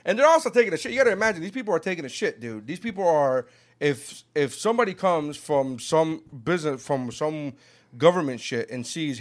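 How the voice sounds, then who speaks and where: A man in casual podcast chat, swearing a lot and acting out quotes with big shifts in loudness. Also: on the high side, a little fast. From South Florida. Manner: animated, profane, acts out quotes.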